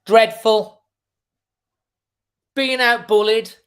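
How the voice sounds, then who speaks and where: A man's voice: sits high, little pitch movement, drawn-out words, a bit bright. Male fan host, live match reaction, exasperated running commentary. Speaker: football fan channel host.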